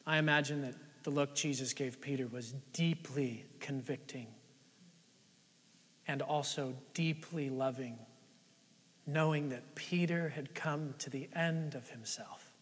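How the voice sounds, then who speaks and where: A man preaching a sermon as pastor, shifting between loud, emphatic lines and hushed, near-whispered ones, with lots of rhetorical questions to the congregation. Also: medium pitch, unhurried, breathy edge. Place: church sanctuary. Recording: long church-hall reverb.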